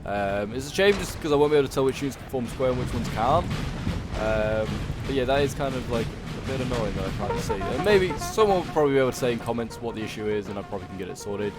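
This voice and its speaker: A man's voice: medium pitch, expressive, fast talker. Rambling male gameplay commentator. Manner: rambling, thinks aloud with many fillers. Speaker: game commentator. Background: background music.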